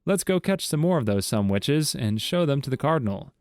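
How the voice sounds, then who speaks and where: A man's voice: medium pitch, sing-song, brisk, a little mellow, dry recording, clean studio sound, voice pushed up, close to an everyday voice. A man voicing a stern male priest with a scolding manner.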